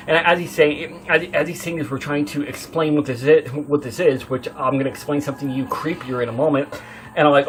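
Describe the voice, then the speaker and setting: A man telling a true horror story in a casual, rambling way, swearing often and swinging from hushed to loud. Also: a little high. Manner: rambling, swears often, many fillers and restarts.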